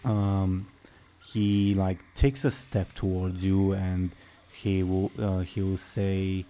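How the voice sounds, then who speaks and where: Slow, low-voiced game master. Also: male voice, flat delivery, mellow. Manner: slow, halting narration with many fillers. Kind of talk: narrating a tabletop game.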